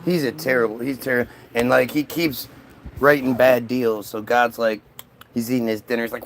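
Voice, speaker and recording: A man's voice: medium pitch, fairly even intonation, moderate pace, a little hiss or hum. A man telling a comic story in a loose, rambling way, full of swearing and asides.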